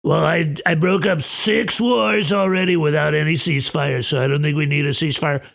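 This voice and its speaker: A man's voice: a little high, steady tone, normal speed, gravelly, a bit bright, voice pushed up. A man mocking a boastful president. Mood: dismissive. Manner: dismissive, boastful. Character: boastful male president brushing off advice.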